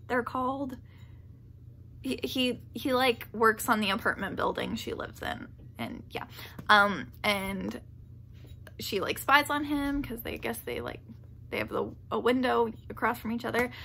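Casual vlogger: a woman, gushing and rambling, with a gravelly edge and a bright tone. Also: a little high, a little hiss or hum. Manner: rambling and gushing, heavy with "like" fillers; laughs often mid-sentence. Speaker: book vlogger. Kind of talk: casual vlog chat.

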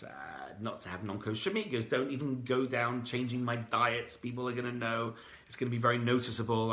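A man teaches a Torah class as a rabbi. His voice is bright and clear, at a middle pitch. He tells the story with energy and acts out each character's lines himself.

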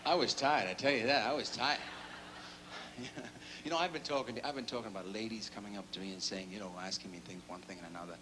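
A man's voice: fairly low pitch, steady tone, fast talker. A male singer joking with his audience between songs, cheeky and self-mocking, a bit tired and catching his breath, in a large showroom. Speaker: singer doing stage banter. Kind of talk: live stage patter with jokes. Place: large casino showroom stage. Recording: noisy live concert recording.

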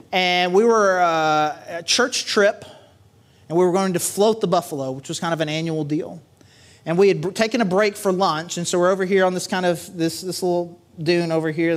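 A man pastor giving a conversational sermon at a church service, telling stories with lots of casual fillers and "right?" tags. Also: high-pitched.

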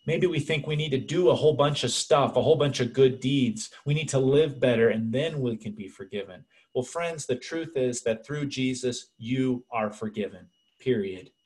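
A man preaching a sermon as pastor, earnest and conversational, speaking to the congregation as friends. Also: medium pitch.

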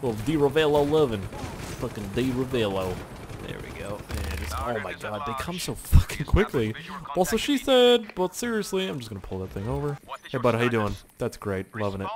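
A man's voice: mid-range voice, lively intonation, moderate pace, crowd noise. A young man giving loose, joking, profane commentary while playing a video game. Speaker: gaming YouTuber. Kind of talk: gameplay commentary. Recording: game sounds and noise behind.

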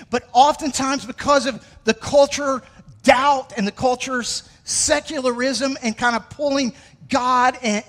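A pastor with a high voice preaches in a church sanctuary, speaking casually and with energy as he calls on the congregation to repeat his words. His voice rings out with a long reverb from the hall. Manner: energetic, conversational preaching with audience call-outs. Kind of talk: sermon.

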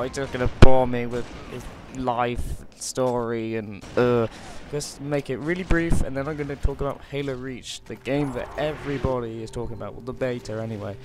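A man's voice: medium pitch, background noise. A British man giving casual gameplay commentary, chatty and joking with many hesitations. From Britain. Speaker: gaming commentator. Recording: clear gunfire from game audio behind. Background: game gunfire and explosions.

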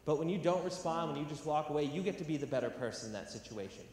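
Talking fast in a slightly high, animated voice with a darkish tone, a young man from California addresses a live university audience. This educational theatre speaker is earnest and emphatic but also self-deprecating at times. A distant mic captures the hall's echo and faint noise.

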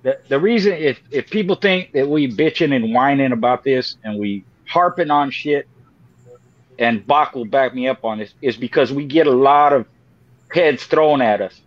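A man co-hosting a podcast, explaining his point in a measured way and repeating it for emphasis. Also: mid-range voice, dry recording. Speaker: podcast co-host. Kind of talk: casual talk. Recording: dull lo-fi dry sound.

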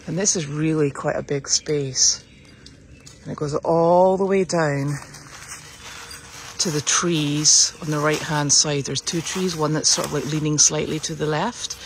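A woman's voice: low voice, fairly even intonation, moderate pace. Woman, sanctuary keeper, chatty and upbeat, walking outdoors with a phone, a faint hiss behind her. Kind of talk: casual walk-around vlog. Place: outdoors on a farm, walking the paddocks.

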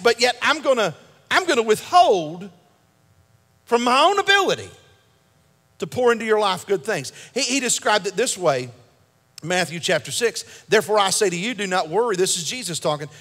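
A man preaches with a light, high-pitched voice and an emphatic, repeating delivery that keeps asking for an amen. His sermon rings out with the long reverb of a church sanctuary. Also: fairly bright tone. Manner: repeats and restarts words as he builds a point. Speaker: pastor.

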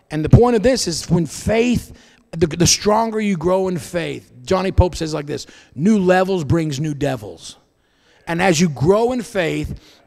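A man preaching as pastor to his congregation, swinging between booming and hushed delivery in a church. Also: gravelly, in a large hall. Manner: preaching with wide swings in loudness and pitch. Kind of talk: sermon. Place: church sanctuary.

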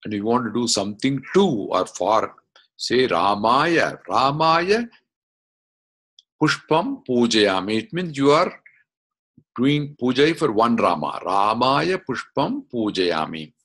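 A man teaching an online class, explaining slowly step by step and asking questions as he goes. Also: medium pitch, sing-song, fairly bright tone, husky. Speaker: Sanskrit teacher. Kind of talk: online lesson. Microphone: video call.

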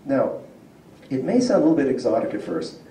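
Brisk and sing-song, a man with a dark, mid-range voice explains linguistics to a community audience in a public lecture. He patiently walks through ideas, questions the room, and often chuckles, heard from a distance in a roomy hall with slight background noise.

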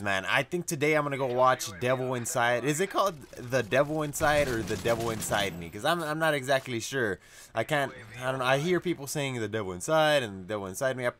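A man's voice: medium pitch, fairly bright tone, a little hiss or hum. A young man hosting a gaming channel, chatting casually with lots of fillers and restarts. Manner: rambling, many fillers and restarts. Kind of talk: casual chat. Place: indoors at his laptop.

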